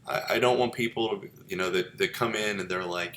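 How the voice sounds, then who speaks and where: Low-voiced man lecturing in an echoey room. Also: fairly even intonation, moderate pace, bright, forceful tone, slight background noise. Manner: conversational, rambling with many fillers and restarts. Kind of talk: casual recorded lecture. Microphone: webcam with filter.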